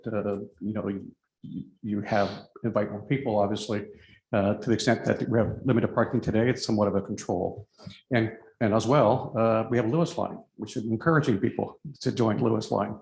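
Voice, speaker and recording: A man giving a halting public comment at a city council hearing, with frequent pauses and fillers. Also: on the low side, gravelly, darkish tone. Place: council chamber. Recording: echoey meeting room.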